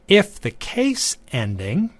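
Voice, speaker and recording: A man giving a recorded lecture, teaching in a measured, deliberate way. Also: high-pitched, wildly swooping pitch, no echo.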